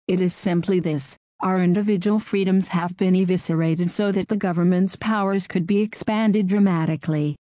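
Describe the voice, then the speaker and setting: A woman's voice: on the low side, warm tone, no room sound, studio quality. A woman narrating scripted political commentary in a sarcastic, mocking tone.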